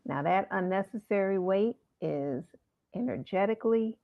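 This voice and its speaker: A middle-aged woman hosting a livestream talk, telling stories and reading out a mantra slowly. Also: mid-range voice. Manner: storytelling, slow deliberate mantra reading. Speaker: host. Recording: tinny phone-like line.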